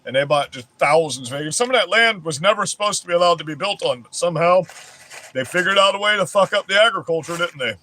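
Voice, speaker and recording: A man's voice: high-pitched, lively intonation, quick pace, pushed and bright, slight background noise. A man ranting on his vlog in a heated, rambling way, swearing constantly. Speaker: vlogger. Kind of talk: profane political rant.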